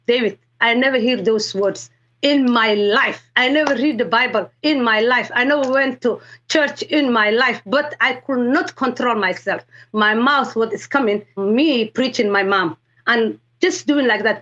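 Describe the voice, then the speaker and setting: High-voiced excited woman from Somalia. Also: a little slow, lo-fi sound. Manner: animated, excited storytelling with quoted dialogue. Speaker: guest sharing a conversion testimony. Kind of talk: emotional personal testimony.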